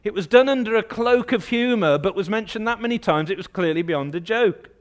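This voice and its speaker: A man from England preaching a sermon, rising to loud, emphatic outbursts as he voices objections. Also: high-pitched, animated, fairly quick.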